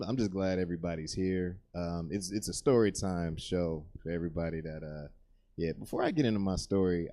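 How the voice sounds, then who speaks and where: A man with a low voice does stand-up comedy. He rambles in a laid-back way, pausing often on "uh.". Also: darkish tone.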